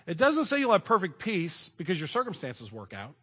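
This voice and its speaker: A middle-aged man preaching a sermon in a conversational way, moving between loud emphasis and hushed asides. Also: sits high, wildly swooping pitch, brisk, slightly rough. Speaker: pastor.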